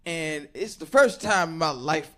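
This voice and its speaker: A man performing a stand-up comedy set, telling stories with animated delivery, loud bursts and acted-out voices. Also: fairly high pitch, measured pace. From Chicago. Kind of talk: stand-up set before a live audience. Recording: live club set with audience laughter.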